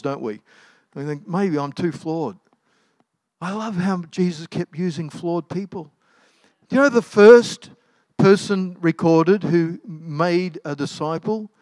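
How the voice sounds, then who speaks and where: This middle-aged preacher delivers his sermon as a string of casual, conversational anecdotes, often saying um and starting over. His voice sits fairly high and a little mellow, with no room sound.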